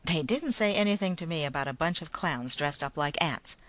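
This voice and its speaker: A woman reading a story, voicing a brusque, blustering male parade manager who talks loudly and hostilely. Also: low voice, lively intonation, a little fast. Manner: blustering, loud, hostile then jovial.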